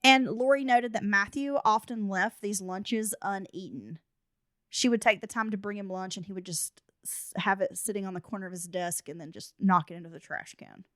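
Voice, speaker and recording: A woman hosts a true crime podcast in a mid-range, slightly bright voice at a moderate pace. She reads out case notes and details, then cuts in with blunt, casual asides. The recording is dry, with clean studio sound.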